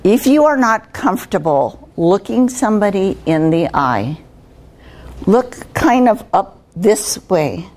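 A woman's voice: medium pitch, very animated, takes it slowly, darkish tone. An older woman giving a conversational workshop talk on communication skills to students, asking them rhetorical questions. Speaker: guest speaker on communication skills.

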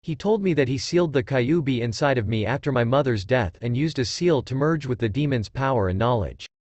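A man's voice: mid-range voice, expressive, a little fast, darkish tone, dry recording, natural voice. A man reading as a hesitant young boy. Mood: earnest. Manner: hesitant, then firm.

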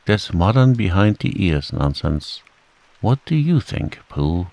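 A man's voice: lowish voice, sing-song, slow pace, creaky, dark tone, full character voice. A man voicing a gloomy, grumbling old male donkey in a storybook reading. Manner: grumbling, disapproving.

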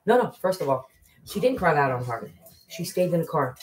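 A woman's voice: low voice, big pitch swings, a little fast, rough recording. A woman hosting a casual livestream, chatting to viewers and telling a family story. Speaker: livestream host and mother. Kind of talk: casual live chat.

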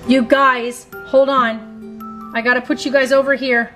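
A woman's voice: high-pitched, level tone, measured pace, fairly bright tone, soft background music. A woman in her thirties vlogging at home, gushing breathlessly and talking straight to her viewers on a handheld camera. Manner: gushing, breathless, keeps saying "you guys". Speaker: family vlogger. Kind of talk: excited casual vlog.

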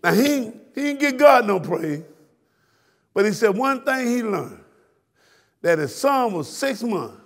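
A male pastor with a Southern US accent, preaching a fiery sermon that swings from shouted peaks to hushed drops. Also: very high voice, sing-song, measured pace, pauses often. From Florida, US.

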